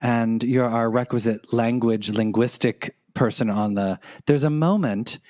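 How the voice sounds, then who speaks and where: An American man co-hosting a podcast, chatting casually and telling stories with lively excitement. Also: mid-range voice, unhurried, no room sound, studio quality. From United States. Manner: animated, excited storyteller. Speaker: podcast co-host. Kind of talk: casual chat.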